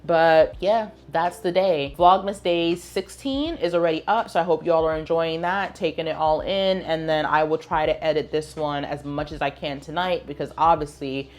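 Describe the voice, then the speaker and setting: A young woman with a low-pitched voice talks casually to her camera at home. She tells her story in an animated way, acting out the lines of each person involved. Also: normal speed, hardly any pauses. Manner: animated, acts out dialogue of people in her story. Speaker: vlogger.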